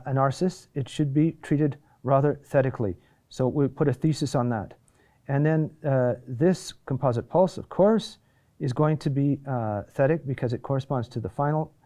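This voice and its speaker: A man teaching a lesson on chant rhythm, pausing often with fillers and restarts and checking in with a quick "huh?". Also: mid-range voice, mellow. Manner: halting, many fillers and restarts, asks "huh?".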